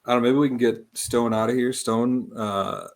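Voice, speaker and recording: A man's voice: mid-range voice, fairly even intonation, normal speed. A man hosting a sports podcast, easygoing and chuckling, with frequent hesitant fillers. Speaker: podcast host. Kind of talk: casual chat.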